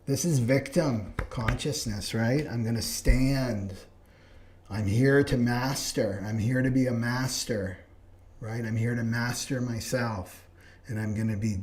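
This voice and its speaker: A man of middle pitch leads a live spiritual class, speaking earnestly to his listeners. He keeps checking in with them as he teaches. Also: measured pace, a little mellow. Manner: earnest, keeps asking "right?". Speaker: astrology teacher. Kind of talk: live online class talk.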